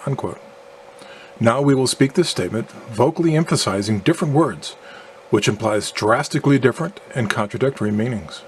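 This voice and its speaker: A man reading a scripted narration in a measured, argumentative way, with faint noise behind him. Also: medium pitch, lively intonation. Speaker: video narrator.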